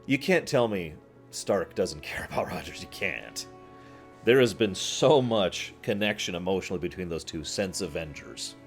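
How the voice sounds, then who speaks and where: A man streaming, chatting casually with his viewers in a rambling, animated way, often laughing and acting out scenes. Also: sits low, moderate pace, soft background music. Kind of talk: casual chat with live chat.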